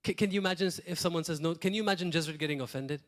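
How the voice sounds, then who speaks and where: A man preaching a sermon as pastor, talking in a lively, rambling way and acting out quotes now and then. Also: fairly high pitch, racing. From Malta.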